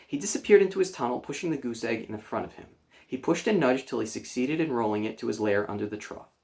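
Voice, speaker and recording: A man reading a children's chapter book aloud, gentle storytelling with small slips. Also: medium pitch, animated, quick pace, vocal fry. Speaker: children's librarian reader.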